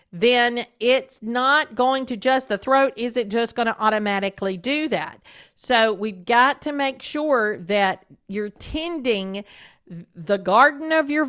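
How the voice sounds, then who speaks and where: A woman who hosts a podcast and teaches voice, coaching listeners in a steady instructional monologue and often asking them direct questions. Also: a little high, clear, resonant tone.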